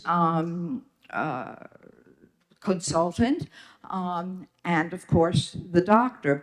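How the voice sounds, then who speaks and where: An older witness speaks before a legislative committee in a slow, deliberate way. The pitch sits mid-range and the delivery is measured, with frequent ums and careful restarts. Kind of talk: formal testimony.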